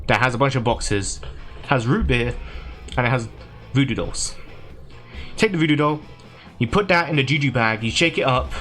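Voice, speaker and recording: A man livestreaming, casually recapping a video game plot in a hurried, rambling way. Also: medium pitch, a bit bright.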